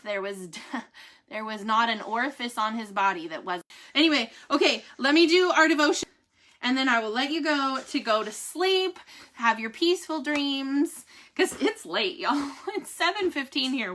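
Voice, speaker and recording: A woman's voice: fairly high pitch, bright, forceful tone. A woman, chatting candidly to her viewers, laughing often and speaking with faith. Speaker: vlogger giving a family health update. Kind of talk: casual chat to camera.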